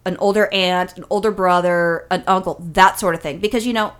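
A middle-aged woman from California, co-hosting a casual podcast, telling stories in a blunt, profane, animated way. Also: fairly low pitch, brisk, clear, resonant tone. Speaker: podcast co-host.

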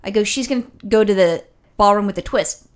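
A woman's voice: medium pitch, fairly quick. A woman co-hosting a casual chat, telling a story with lots of swearing and acted-out quotes.

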